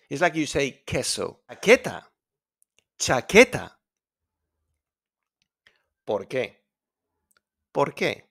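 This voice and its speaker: Man modeling sounds, slow and lively. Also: medium pitch, gravelly. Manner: repeats each word slowly, modeling sounds; rolls his Rs with emphasis. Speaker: Spanish teacher. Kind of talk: pronunciation lesson.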